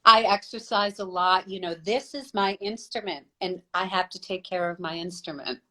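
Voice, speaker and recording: A woman who models and sings opera, telling animated stories and laughing on a live video call. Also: on the low side, normal speed. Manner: animated storyteller, laughs often. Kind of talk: casual live chat.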